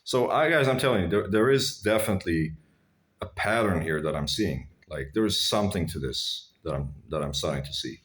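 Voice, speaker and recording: A man's voice: deep voice, lively intonation, fairly quick, a bit bright. A man telling blunt, crude personal stories to his viewers in a rambling, casual way, calling them guys. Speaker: vlogger. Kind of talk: casual storytelling to camera.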